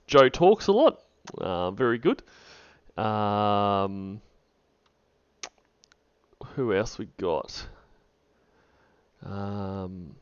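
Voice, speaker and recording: A man hosting a livestream, laid-back, greeting viewers by name with many pauses. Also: mid-range voice, smooth, no echo, dull audio. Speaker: livestream host. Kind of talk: casual stream chat.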